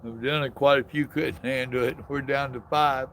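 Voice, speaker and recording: This is an older man with a drawl, chatting casually with viewers on a live stream. His voice is gravelly and sits at an average pitch. He talks in a folksy way from outdoors, with faint traffic noise behind him. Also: steady tone, brisk, a bit bright. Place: outdoors in the evening.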